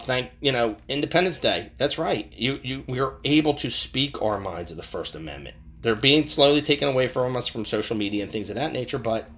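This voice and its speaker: Recorded through a boom-hung mic in an untreated room with a touch of echo, this podcast host rambles through a casual, profane monologue. His volume jumps from loud outbursts down to mumbling.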